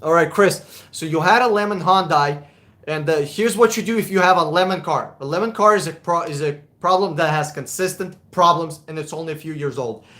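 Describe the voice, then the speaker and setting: A man's voice: fairly high pitch, a little fast, fairly bright tone. A man hosting a live question-and-answer stream, talking bluntly and casually, swearing and repeating words as he thinks. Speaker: livestream host answering car questions.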